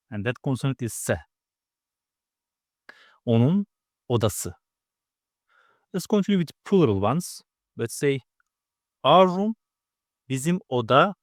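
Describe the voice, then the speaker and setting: A man teaching a grammar lesson, explaining patiently step by step and repeating words slowly. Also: mid-range voice, expressive, dry recording, clean studio sound. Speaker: language teacher.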